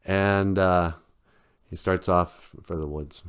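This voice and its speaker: A male podcast host retelling a children's story and reviewing a book in a relaxed, casual way, with many fillers and chuckles. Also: low voice, slow, smooth.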